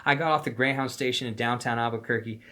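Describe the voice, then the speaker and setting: A man's voice: mid-range voice, steady tone, fast talker, sharp tone. A young man telling a story in casual slang, rambling and profane, acting out the voices of the people he quotes. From Phoenix, Arizona. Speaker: storyteller vlogger.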